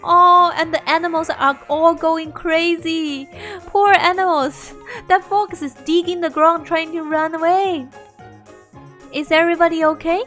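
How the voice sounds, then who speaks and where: Bubbly young woman narrating her game, high voice, laughs a lot. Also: fairly even intonation, a little slow, a bit bright, faint music behind. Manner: bubbly, laughs often, reads game dialogue aloud. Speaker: game video host. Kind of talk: game playthrough commentary.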